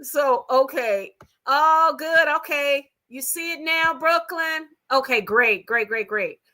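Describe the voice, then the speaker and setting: A woman's voice: high voice, takes it slowly, pushed and bright. A woman hosting a casual gossip livestream from her own room at home, talking chattily and straight to her viewers. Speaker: livestream host.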